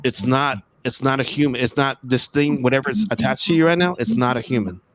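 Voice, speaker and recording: A man's voice: mid-range voice, fairly quick, a crowd in the background. This is a man with a mid-range voice, casually telling a story over a remote call. He rambles, repeats words and restarts his sentences. He grew up in Texas. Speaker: guest.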